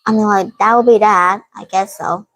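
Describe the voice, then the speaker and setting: Woman, English student, halting English, dizzy, video call. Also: mid-range voice, fairly even intonation, a bit bright, poor audio. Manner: halting, informal non-native English. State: dizzy from heat. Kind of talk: reading exercise answers aloud.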